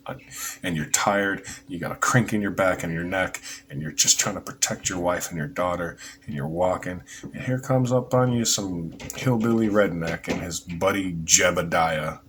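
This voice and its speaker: A man's voice: deep voice, normal speed, fairly bright tone, a little hiss or hum. A man hosting a podcast, giving rambling, heated, sarcastic casual political commentary. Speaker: podcast host.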